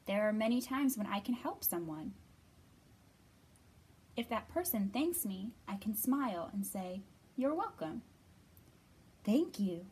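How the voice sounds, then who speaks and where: A woman librarian leading a children's storytime, reading aloud in an expressive, bright manner and acting out the quoted lines. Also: mid-range voice, a little slow, pauses often, husky.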